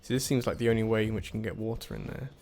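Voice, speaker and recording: A man's voice: on the low side, rapid-fire, vocal fry, a little mellow, soft background music. A man doing casual gameplay commentary on a puzzle game, muttering to himself as he works things out, with self-deprecating asides and sudden frustrated outbursts.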